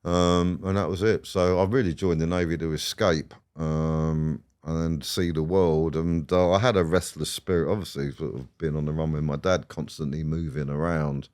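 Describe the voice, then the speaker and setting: A man's voice: extremely low pitch, fairly even intonation, normal speed, few pauses, a little mellow, clean tone. A man, a podcast guest rambling through stories, swearing and laughing as he goes. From England. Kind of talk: casual storytelling interview.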